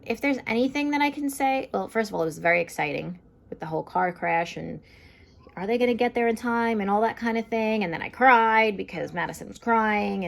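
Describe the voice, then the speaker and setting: A woman's voice: medium pitch, brisk, vocal fry, slight background noise. A young woman giving a casual, chatty TV episode recap and review, full of fillers like "um" and "like". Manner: chatty, lots of fillers like "like" and "um", acts out quotes.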